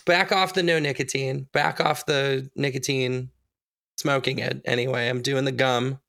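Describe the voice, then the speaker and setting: A woman co-hosting a podcast in casual chat, slightly hoarse as she gets over laryngitis, joking and giggling often. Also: extremely low pitch, steady tone, moderate pace, a bit bright. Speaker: podcast co-host.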